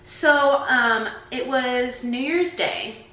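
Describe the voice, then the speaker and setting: Bright-voiced young woman telling stories. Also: high voice, very slow, echoey room, poor audio. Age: 20s. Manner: chatty, peppered with "like". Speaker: vlogger. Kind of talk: casual storytelling to camera. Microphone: camera mic.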